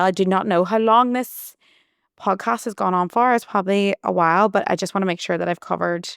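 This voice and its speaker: Smooth-voiced woman chatting. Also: medium pitch, no echo, studio quality. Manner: chatty, rambling, with frequent restarts and "like". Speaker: podcast host. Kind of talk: casual storytelling monologue.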